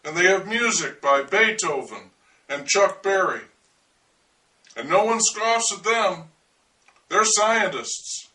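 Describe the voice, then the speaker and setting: Man as an earnest eccentric hunting alien signals: high, bright voice, slow wry delivery, miked from a distance. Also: exaggerated voice. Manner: wry, confiding, deliberate monologue to the listener.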